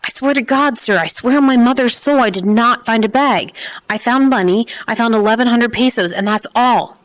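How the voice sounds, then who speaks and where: A woman's voice: moderate pace, natural voice. A woman voicing a terrified street boy under interrogation, stammering and pleading. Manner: stammering, pleading, high and strained.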